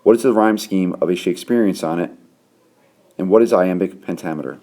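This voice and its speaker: A man teaching a lesson, explaining poetic meter and counting out the beats slowly and clearly. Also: low-pitched, warm tone. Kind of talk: classroom lesson on poetry.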